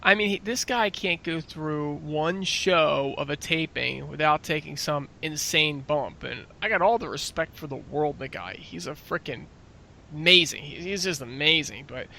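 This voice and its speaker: A man's voice: fairly high pitch, normal speed, creaky, hardly any pauses, bright, forceful tone, slight background noise. A man co-hosting a casual wrestling podcast, talking in an exasperated, opinionated way. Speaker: podcast co-host.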